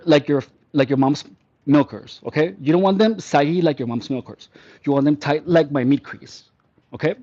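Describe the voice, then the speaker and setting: A man's voice: on the high side, normal speed, darkish tone, lo-fi sound. A male fitness trainer giving tongue-in-cheek workout instruction, counting reps and playing up a mock-delicate persona. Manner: mock-delicate self-praise between exercise counts.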